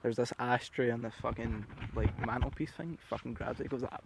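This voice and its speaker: Young man, podcast guest, animated sweary storyteller with a mid-range voice. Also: medium pitch, fast talker, vocal fry, slight background noise. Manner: animated, sweary, tags lines with "right?". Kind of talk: casual storytelling chat.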